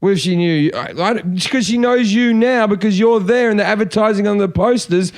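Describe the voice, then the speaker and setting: Podcast host, male, higher-pitched speaker, swearing storyteller who acts out other people's lines. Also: a little fast. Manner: swearing, animated anecdotes with put-on voices. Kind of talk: casual chat, storytelling.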